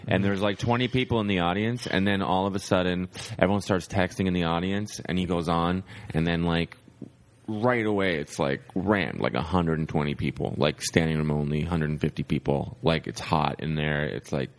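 A man's voice: low-pitched, fairly even intonation, moderate pace. A stand-up comedian, a man, telling a rambling anecdote in a casual podcast chat, full of "like" fillers. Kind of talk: casual storytelling.

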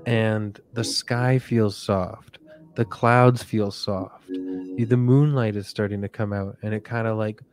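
Soft-spoken rambling man. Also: fairly low pitch, steady tone, slow, faint music behind. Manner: soft, drifting, rambling, jokey asides. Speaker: podcast host. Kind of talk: comic sleep-story monologue.

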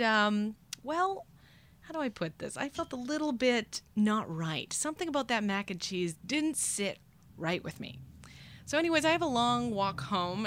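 A woman in her twenties hosts a podcast and tells a comedic personal story. She is animated and self-deprecating, breaking into laughter as she goes. Her voice sits at a medium pitch. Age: 20s. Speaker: podcast host.

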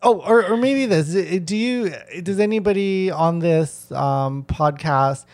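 A man's voice: sits high, unhurried. A man hosting a podcast, chatting casually with many restarts and fillers. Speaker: podcast host.

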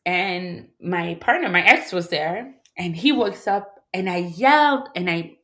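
A woman in her thirties from Montreal, telling a personal story as an interview guest in an emotional, halting way, restarting her sentences and acting out other people's voices. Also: on the low side, lively intonation, fairly bright tone. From Montreal, Canada.

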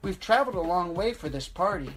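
A blunt, crude young man, short on patience and loud about it, as a woman reading a story puts him on. His pitch is raised well above the narration. Faint music runs underneath. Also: animated, fairly quick. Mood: eager. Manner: blunt and impatient.

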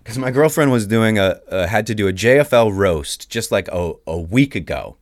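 A man from Canada co-hosting a casual chat, easygoing and quick to agree. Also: fairly low pitch, lively intonation. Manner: easygoing, frequent agreeing and laughing.

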